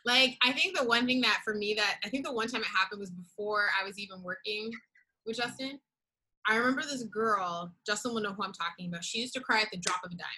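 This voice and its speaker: A young adult woman telling a story in casual chat, expressive and acting out the quoted exchanges. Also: mid-range voice, fast talker, low-quality recording. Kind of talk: animated storytelling.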